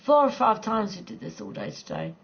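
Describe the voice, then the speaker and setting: A woman's voice: mid-range voice, huge pitch swings, fairly quick, creaky, breathy edge, muffled recording. A middle-aged woman chatting casually with viewers on her live gaming stream, rambling, laughing often and swearing freely.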